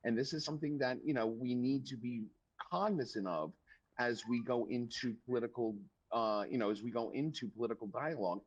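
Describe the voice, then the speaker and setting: A man's voice: mid-range voice, a little fast, breathy edge, lo-fi sound. A man, a policy analyst speaking live from a remote link, hesitant at first with fillers and restarts, then emphatic. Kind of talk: live interview commentary.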